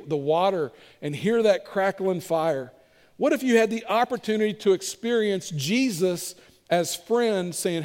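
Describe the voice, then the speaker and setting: Preaching man in a reverberant hall. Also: high-pitched. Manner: shifts from emphatic preaching to hushed, intimate appeals. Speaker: pastor. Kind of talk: sermon.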